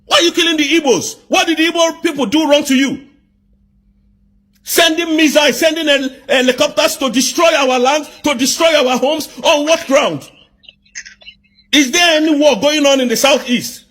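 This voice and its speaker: A man from southeast Nigeria, delivering an angry political rant full of repeated rhetorical questions and bursts of shouting. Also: very high-pitched, normal speed.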